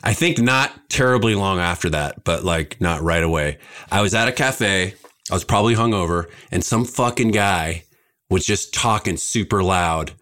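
A man with a somewhat low voice chats as a podcast guest. He tells a rambling story with restarts and casual swearing. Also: moderate pace, fairly bright tone. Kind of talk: casual chat.

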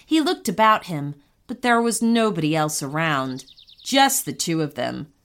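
A woman reading a children's story aloud in a slow, expressive way. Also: sits low.

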